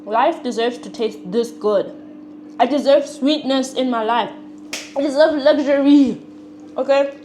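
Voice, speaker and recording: A woman's voice: on the high side, a little slow, a little mellow, slight background noise. A young woman vlogger chatting frankly while she cooks and eats, swearing now and then, with sniffles and sudden emphatic bursts. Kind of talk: casual chat while cooking and eating. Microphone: clip-on mic.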